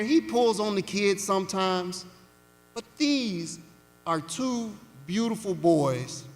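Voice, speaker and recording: A man voicing a humble, gentle elderly Southern foster mother, speaking softly and reassuringly in a reverberant arena. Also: sits high.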